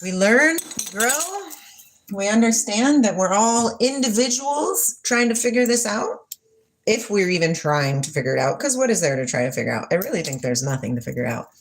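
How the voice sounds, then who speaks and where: Hosting a livestream, this woman in her forties rambles casually, dreamy and playful, while responding to viewers in the chat. Her medium-pitched voice is very animated, moving at normal speed against slight background noise.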